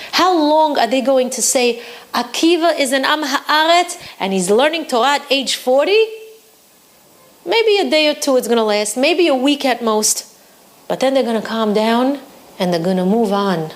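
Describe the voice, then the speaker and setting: A woman voicing a wise wife who calmly and earnestly encourages her husband. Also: a little high, measured pace. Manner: calm, earnest persuasion.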